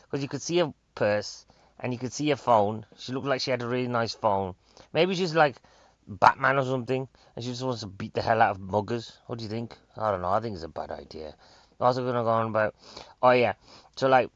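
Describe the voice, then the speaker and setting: Excitable, rambling Northern English male comic. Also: medium pitch, no room sound. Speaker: stand-up comedian. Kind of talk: rambling stand-up monologue. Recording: dry, slightly dull sound.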